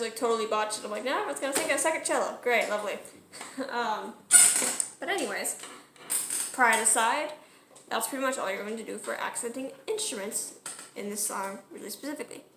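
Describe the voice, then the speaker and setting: A woman's voice: a little high, a bit bright, roomy sound, slight background noise. A woman talking through how she builds her song cover in a casual tutorial, chatty and correcting herself as she goes. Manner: chatty, self-correcting, sings short phrases to demonstrate. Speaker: music cover creator.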